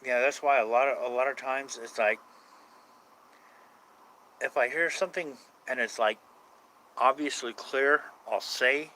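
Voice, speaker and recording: A man of ordinary pitch talks loosely to his live stream audience, drifting between thoughts and cursing offhandedly as he answers questions. A faint hiss of background noise sits under his voice throughout. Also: a little slow, long pauses, pushed and bright, poor audio. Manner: rambling, swears casually, answers chat questions. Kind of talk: casual live stream chat with viewers.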